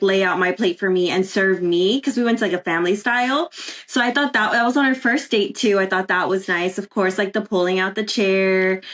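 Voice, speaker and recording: Woman, guest, casual chat, mid pitch, chatty, filler words.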